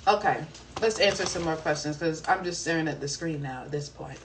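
A young woman hosting a live stream from home, chatting casually and telling a story in an animated, slangy way with plenty of cursing. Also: deep voice, a little fast. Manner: animated, slangy and profane, with exclamations. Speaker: live-stream host answering viewer questions. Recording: voice a bit distant from the mic, faint background noise.

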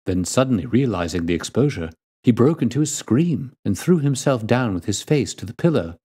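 A man reading a classic detective story aloud as storyteller, in a measured and deliberate way. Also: mid-range voice, sing-song, warm tone, slightly rough.

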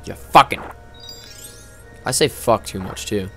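A man giving profane, loud gaming commentary, yelling at the game often and then dropping into sheepish apologies. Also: lowish voice, soft background music. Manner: quick swings between ranting and sheepish apologies. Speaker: gaming video host. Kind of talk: let's-play gaming commentary.

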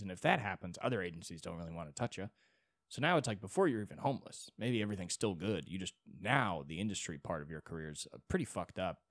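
A man's voice: fairly low pitch, no echo, clean studio sound. A young man hosting a solo podcast, rambling in a casual monologue with many restarts and frequent swearing. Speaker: podcast host.

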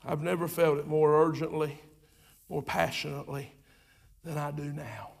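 A pastor preaching a sermon in a church, fervent and repetitive, swinging from loud urging to quiet asides. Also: male voice, a little high, little pitch movement, normal speed, creaky. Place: church sanctuary.

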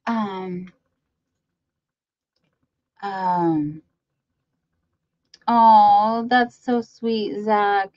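A woman's voice: medium pitch, darkish tone, no room sound, highs cut off. A woman hosting a live crafting stream, chatting casually and reading out viewer comments as she greets them by name.

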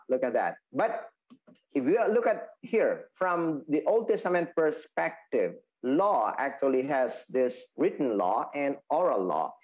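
Male Bible teacher, slightly high voice, earnest halting explanations. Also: darkish tone, poor audio. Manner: explaining, repeats and restates points, halting with fillers. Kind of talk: Sabbath school lesson.

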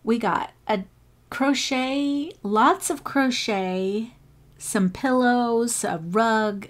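Slow-talking, gushing crochet host woman. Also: fairly high pitch, animated. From United States. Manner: gushing, enthusiastic praise. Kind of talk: casual showcase of viewer crafts.

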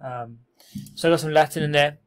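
A man casually walking through a software tutorial, relaxed and self-deprecating, with frequent fillers and restarts. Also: a little high, fairly quick, smooth. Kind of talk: casual screen-recorded tutorial.

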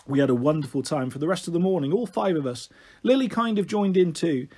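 Male storyteller reading a children's book, husky, lively. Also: a little high, fast. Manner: expressive, animated. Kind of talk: reading a children's novel aloud.

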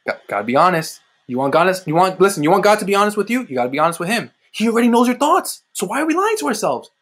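A man delivers a heartfelt sermon, swinging from urgent emphasis to quiet, intimate asides. His voice sits fairly high and has a husky, breathy grain. He repeats lines for weight and talks to his listeners like friends. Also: big pitch swings, very fast. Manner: impassioned, repetitive, addresses listeners as "guys". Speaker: preacher.

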